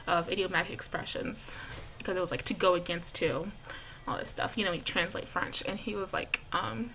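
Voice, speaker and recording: A woman's voice: fairly low pitch, brisk, gravelly, bright, forceful tone. Young woman, college student, casual vlog, giggly, filler-heavy, faint noise. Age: young adult. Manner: bubbly, giggly, lots of "like".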